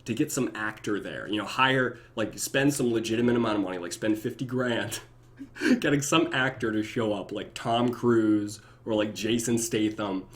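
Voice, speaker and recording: A young man chatting casually on his own live stream, reading viewer comments and often breaking into laughter and goofy high voices. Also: moderate pace. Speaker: YouTube reactor.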